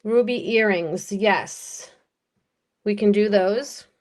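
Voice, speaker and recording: Hosting a jewelry auction over live stream, a woman with an American accent takes bids and describes each piece, keeping the talk relaxed and conversational. Her pitch is medium.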